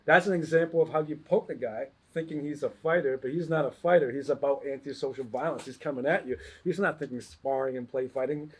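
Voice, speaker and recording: A man who teaches martial arts tells a story in a relaxed conversation, acting out each person as he goes. His voice sits a bit high and has a husky edge. He laughs often as he talks. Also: brisk, hardly any pauses. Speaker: martial arts instructor, guest. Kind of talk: casual storytelling chat.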